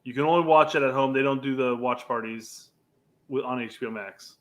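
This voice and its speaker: A man's voice: medium pitch, a little fast, a bit bright. A man co-hosting a casual sports podcast, easygoing, reading viewer comments and laughing along. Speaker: podcast co-host.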